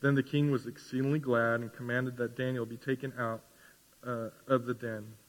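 A man's voice: medium pitch, little pitch movement, normal speed. A man preaching a sermon as pastor, building to emphatic rising questions. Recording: reverberant hall.

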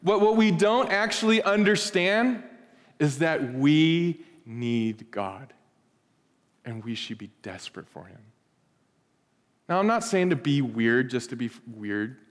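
A middle-aged man preaching a conversational sermon in a church, moving between quiet reflection and loud animated bursts. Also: on the high side, slow pace. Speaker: pastor. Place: church sanctuary. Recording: long hall reverb.

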